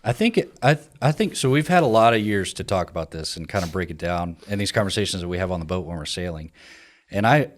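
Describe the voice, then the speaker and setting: A man's voice: deep voice, expressive, quick pace. A man speaking in a candid podcast conversation, blunt and profane as he tells confessional stories about his military past. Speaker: guest, veteran and co-founder.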